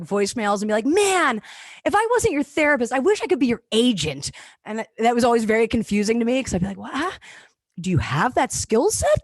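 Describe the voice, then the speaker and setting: A woman in her thirties talks like a stand-up comedian, energetic and jokey, with a voice that swings up and down in pitch. The sound is dry and close, as on a video call. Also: no room sound. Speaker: comedian and webinar speaker. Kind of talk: stand-up style talk on mental health.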